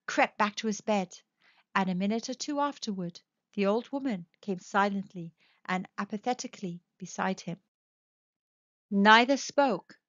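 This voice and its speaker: A woman's voice: fairly high pitch, no room sound. Woman storyteller, dramatic reading, dry close sound, slightly muffled. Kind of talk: scripted story narration. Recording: dull, dry lo-fi recording.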